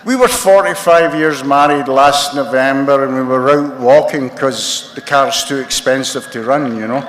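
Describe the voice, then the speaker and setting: A man's voice: medium pitch, moderate pace, fairly bright tone. A Scottish man in his sixties, a recovery meeting speaker telling a wry, self-mocking story to a crowd in a large hall. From Scotland. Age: 60s. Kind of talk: comic storytelling talk to a crowd. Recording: echoey hall, faint noise.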